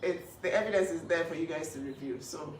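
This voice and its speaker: A woman's voice: deep voice, fairly quick. Indignant woman in an echoey room. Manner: emphatic and indignant. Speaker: older sister speaking out. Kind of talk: emotional on-camera statement. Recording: echoey room, voice at a distance, faint hiss.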